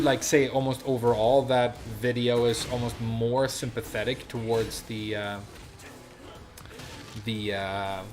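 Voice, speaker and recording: A young man streaming a game, chatting loosely with lots of fillers and casual swearing. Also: mid-range voice. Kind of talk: casual chat while gaming.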